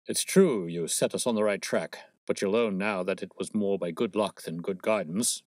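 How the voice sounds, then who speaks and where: A man voicing a stout, blustering police detective with a husky, wheezing voice and a pompous manner, read as a storybook. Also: sits low, normal speed, darkish tone, no room sound, clean studio sound. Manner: pompous, brash, self-satisfied. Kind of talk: storybook reading.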